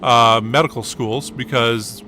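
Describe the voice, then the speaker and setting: A man's voice: medium pitch, steady tone, unhurried, pushed and bright, soft background music. A man giving casual gameplay commentary, rambling through a story with lots of ums and uhs. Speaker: gaming channel host.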